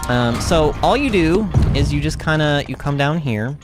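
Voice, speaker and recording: A chatty woman livestreams a game, and her pitch bounces up and down as she talks to her viewers. Game music plays clearly behind her. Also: expressive, moderate pace. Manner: chatty, bubbly, full of fillers and restarts. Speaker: game streamer. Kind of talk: casual livestream chat while playing.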